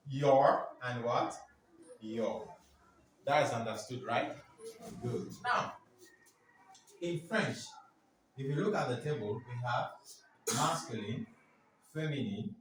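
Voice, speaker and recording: Man, classroom teacher, slow deliberate pace, quizzing students, heavy room echo, distant mic. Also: mid-range voice, expressive. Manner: keeps asking the class "what?" for them to fill in answers; drills words aloud for the class to repeat. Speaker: French teacher. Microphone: far from the speaker. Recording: very echoey room, distant mic, faint noise.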